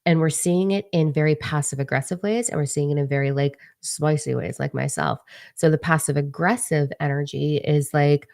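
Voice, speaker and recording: Low gravelly woman, casual spiritual chat, swears a lot, dry close mic. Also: moderate pace, darkish tone, no echo. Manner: chatty, swears, plays out voices of others. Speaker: spiritual channeler. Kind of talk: casual spiritual vlog talk.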